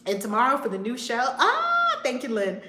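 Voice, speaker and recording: A woman's voice: fairly high pitch, quick pace, fairly bright tone, slight background noise. A woman reverend hosting a casual live-stream storytime from her home, greeting viewers by name as she talks. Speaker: reverend and channel host. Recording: roomy home room with faint ambience.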